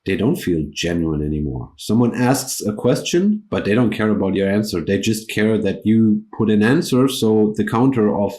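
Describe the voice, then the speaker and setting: Low, mellow-voiced man interviewing. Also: animated, normal speed, few pauses. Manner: hesitant, with many restarts and ums. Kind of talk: conversational interview.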